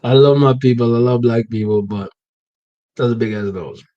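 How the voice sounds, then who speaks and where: A man's voice: medium pitch, moderate pace, dry recording, lo-fi sound. A man hosting a casual podcast, reacting to video clips with jokes and laughter and talking to his chat. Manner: laughing, joking, talks to chat.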